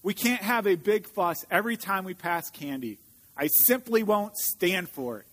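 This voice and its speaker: A man's voice: high-pitched, expressive, normal speed, a bit bright, long reverb tail. A man voicing a strict, scolding mother bear while reading a storybook aloud. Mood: stern. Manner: stern, scolding.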